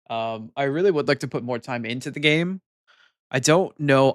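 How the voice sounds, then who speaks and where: Excitable, foul-mouthed male streamer, dry sound. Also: mid-range voice, dry recording. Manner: excitable, swears freely, chats straight to viewers. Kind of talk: casual chat with stream viewers.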